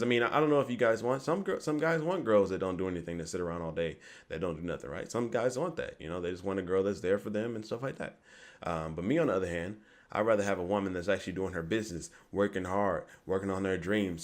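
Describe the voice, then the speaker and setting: A young man giving rambling casual dating advice to camera, often asking "you get me?". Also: sits low. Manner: rambling, repeats "you get me", acts out quoted lines.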